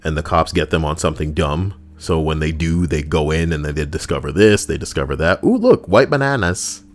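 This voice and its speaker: Deep-voiced crude sarcastic male streamer. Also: animated, brisk. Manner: crude, sarcastic running commentary. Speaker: livestream host. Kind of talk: casual chat reading posts aloud.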